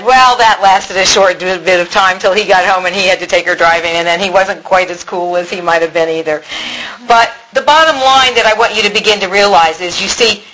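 A woman's voice: mid-range voice, bright, forceful tone, slight background noise, rough recording. A woman giving an earnest, encouraging church teaching. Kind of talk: sermon.

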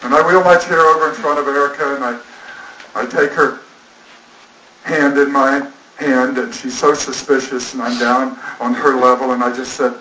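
A man's voice: mid-range voice, steady tone, moderate pace, sharp tone. A man telling a personal story in a sermon, earnest and rambling, acting out the dialogue. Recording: roomy, distant mic, faint noise.

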